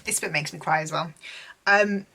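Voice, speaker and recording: Young woman book vlogger, low husky voice with a bright edge, gushy and chatty, lots of "like"s. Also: moderate pace. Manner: chatty and gushing, heavy on filler words. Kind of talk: casual book recap.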